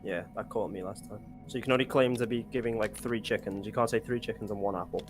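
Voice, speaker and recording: A man's voice: on the low side, quick pace, soft background music. A man playing a casual online board game, joking and chiming in with rule tips. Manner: lively, joking, chimes in with tips. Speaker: player.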